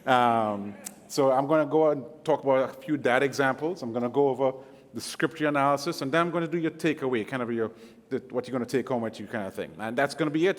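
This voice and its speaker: Chatty Caribbean man preaching in a church hall. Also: medium pitch. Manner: chatty, self-joking, many fillers. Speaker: guest preacher. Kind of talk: casual sermon with slides. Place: church sanctuary. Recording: long hall reverb.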